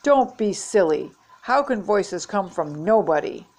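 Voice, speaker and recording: A woman's voice: medium pitch, animated, measured pace, darkish tone. An older woman reading aloud, voicing a firm grown woman with a pet snake who lectures children. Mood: lecturing.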